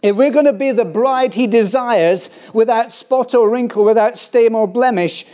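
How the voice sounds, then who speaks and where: A man preaching a sermon in a church, joking and laughing often, with halting fillers. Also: very high-pitched, darkish tone. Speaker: pastor. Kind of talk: humorous sermon.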